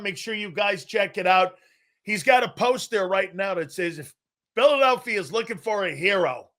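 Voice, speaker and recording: A man's voice: high voice, pushed and bright. A man hosting a sports talk show, effusive and enthusiastic, chatting and retelling anecdotes. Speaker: show host.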